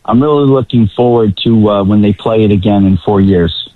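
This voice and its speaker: A male guest commentator from the Boston area with a faint Boston accent, chatting relaxed and hesitant on a radio show. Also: on the low side, normal speed, no room sound. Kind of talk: casual radio chat. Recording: tinny phone line.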